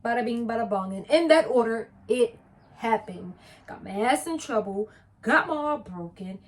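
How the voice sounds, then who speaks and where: A young woman tells a personal story in a casual, blunt, profane and animated way. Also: on the high side, moderate pace. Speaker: vlogger.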